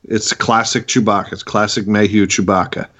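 A man co-hosting a podcast, talking in a halting, casual way with frequent restarts. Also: fairly low pitch, little pitch movement, a bit bright, dull audio. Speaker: podcast co-host.

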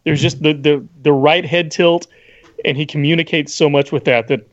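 A man, a podcast guest, telling stories in an animated, casual chat. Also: fairly high pitch, moderate pace, highs cut off. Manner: animated storyteller.

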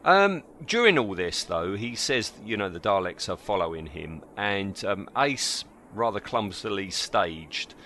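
Inquisitive man, bright and lively. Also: lowish voice, unhurried, hardly any pauses, slight background noise. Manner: inquisitive, laughs along. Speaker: podcast co-host. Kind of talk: casual chat.

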